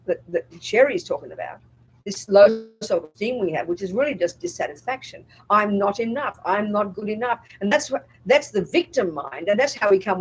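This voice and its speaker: A Buddhist nun speaks at a retreat in a mid-range, slightly mellow voice, giving a dharma talk that's blunt and emphatic. She acts out inner voices in quotes and keeps checking whether her audience follows. The rough recording has a little hiss or hum.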